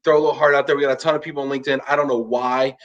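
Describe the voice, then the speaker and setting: A man hosting a casual live show, teasing his guest with quick jokes and an animated delivery. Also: mid-range voice. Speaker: podcast host. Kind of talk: casual chat. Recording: tinny phone-like call audio.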